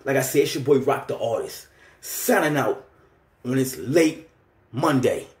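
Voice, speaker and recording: A fired-up man in his thirties goes on a heated fan rant, loose and slangy. His Philly is clear, and his mid-pitched voice rings in an echoey room. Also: expressive, a little slow. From Philadelphia. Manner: heated, ranting, street slang. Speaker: vlogger.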